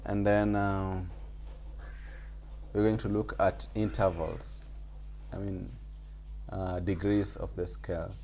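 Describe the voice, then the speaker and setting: A man's voice: sits low, level tone, slow pace, long pauses, a little mellow, a little hiss or hum. A man teaching a music theory class over a video call, explaining patiently and repeating his points with small fillers. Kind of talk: online group class lesson.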